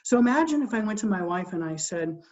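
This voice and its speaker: Talking fast in an animated, high, slightly mellow voice, a middle-aged Christian leadership coach teaches in an earnest, conversational way. He frequently repeats words at the start of sentences and asks rhetorical questions, and the lo-fi recording sounds dull.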